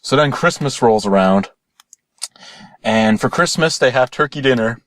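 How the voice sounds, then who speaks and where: A young man telling a rambling, deadpan comic parody story. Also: mid-range voice, measured pace, no echo.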